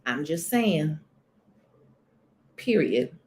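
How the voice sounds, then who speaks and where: A woman's voice: sits low, very animated, very slow, a little mellow, a little hiss or hum. A woman hosting a casual live-stream chat. She is chatty and emphatic, and often repeats herself. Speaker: channel host.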